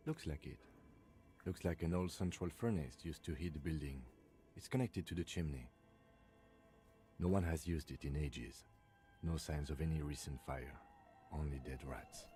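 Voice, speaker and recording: An actor playing a calm, matter-of-fact police lieutenant in a game, speaking in a measured, even way. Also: male voice, rumbling low, soft background music. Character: calm, dry male police lieutenant partner.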